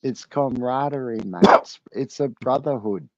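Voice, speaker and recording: A man talking slowly in a casual chat on a cheap headset, calling people mate and brother. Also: mid-range voice, no echo. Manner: slow, blokey, calls people mate and brother. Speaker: guest. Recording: dull, lo-fi headset audio.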